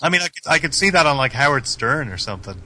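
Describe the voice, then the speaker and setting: A man guesting on a casual podcast, talking in a deadpan monotone. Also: mid-range voice, quick pace.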